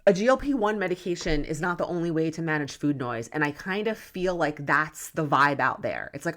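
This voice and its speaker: Emphatic woman podcaster, low voice. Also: sing-song, a little fast, hardly any pauses. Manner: emphatic, worked up, tough-love. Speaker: podcast host, nutrition coach. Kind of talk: passionate solo podcast talk.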